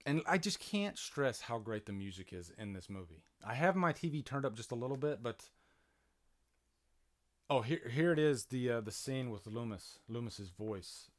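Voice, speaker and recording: A man's voice: mid-range voice, expressive, normal speed. A man hosting a casual live-stream movie commentary from home, chatty, with many fillers and restarts, reading out and answering viewer comments. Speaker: channel host doing live movie commentary. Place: home, near a playing TV.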